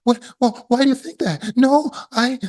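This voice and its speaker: A man acting out a flustered partner who over-explains in a high voice. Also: moderate pace, darkish tone. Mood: defensive.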